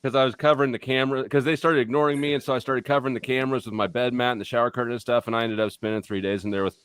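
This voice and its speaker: A man's voice: mid-range voice, fairly even intonation, very fast, fairly bright tone, clean tone. A man hosting a casual group call, crude and dismissive in tone.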